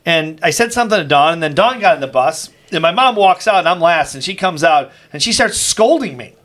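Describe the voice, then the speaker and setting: A man's voice: a little high, lively intonation, brisk, a bit bright. A man in his fifties co-hosting a podcast, telling a story in a casual, rambling way, full of restarts and "you know". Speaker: podcast co-host.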